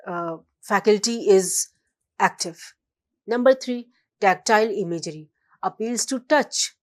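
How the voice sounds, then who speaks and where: A woman lecturing students at a slow, deliberate pace, leaving pauses between definitions. She reads out examples one by one and sometimes stops on a filler. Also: medium pitch, a little mellow. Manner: fillers, restarts. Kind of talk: recorded classroom lecture.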